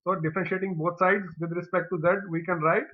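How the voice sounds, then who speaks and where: Male tutor, somewhat high voice, methodical step-by-step lecture, tinny phone-like audio. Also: quick pace. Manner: steady, methodical step-by-step explaining. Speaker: teacher. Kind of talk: exam problem lecture.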